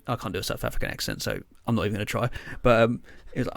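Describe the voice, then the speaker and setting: Rambling man, low dry voice. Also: lively intonation, racing, vocal fry, a bit bright, no room sound. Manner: rambling storyteller, filler-heavy, swears casually. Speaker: podcast co-host. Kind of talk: casual chat.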